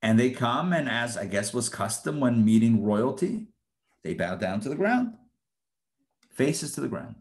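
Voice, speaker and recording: A man, a rabbi, teaching an informal live Torah lesson in an animated, conversational way, often acting out the quotes. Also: mid-range voice, unhurried. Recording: roomy echo.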